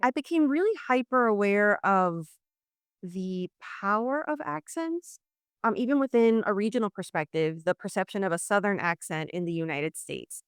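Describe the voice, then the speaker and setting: A woman's voice: medium pitch, normal speed, smooth, dry recording, clean studio sound. A woman from New Orleans, a communication coach, explaining ideas in an interview over a video call and acting out quoted exchanges. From New Orleans, Louisiana, US South. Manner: explanatory, acts out quoted exchanges in lively voices. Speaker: leadership communication coach, guest. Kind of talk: conversational interview.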